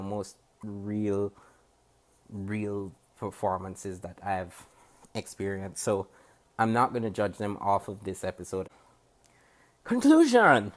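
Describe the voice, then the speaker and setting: Facing the camera, a TV show reviewer from Jamaica offers his critique in a fairly low voice. His tone stays measured and critical, and he often stops mid-sentence to start over while sorting out his thoughts.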